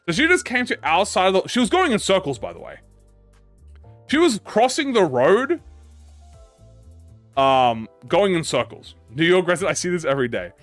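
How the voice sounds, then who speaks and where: Excitable, profane young man telling stories. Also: sits high, normal speed, pauses often, no echo, faint music behind. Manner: profane, excitable, lots of restarts. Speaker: gaming YouTuber. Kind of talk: casual rambling anecdote.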